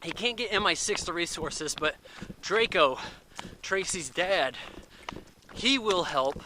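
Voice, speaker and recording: A man's voice: sits high, animated, bright, forceful tone, slight background noise, rough recording. Casual rambling man reviewing a movie. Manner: rambling, filler-heavy recap with quick acted asides.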